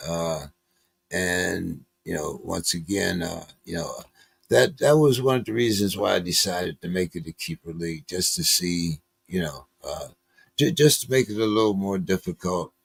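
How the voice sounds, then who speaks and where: Man, deep, dry close sound, hesitant, filler-heavy chat. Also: moderate pace, vocal fry, breathy edge, no echo. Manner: hesitant, many fillers, laughs easily. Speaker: league commissioner and co-host. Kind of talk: casual live-stream chat.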